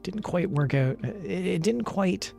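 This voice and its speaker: A man streaming casually, his gravelly voice swinging widely in pitch as he laughs and rambles. He reads viewer messages aloud and pokes fun at his own mistakes, with faint music playing behind him. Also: lively intonation, unhurried, a little mellow. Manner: self-deprecating, rambling. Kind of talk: casual live-stream chat.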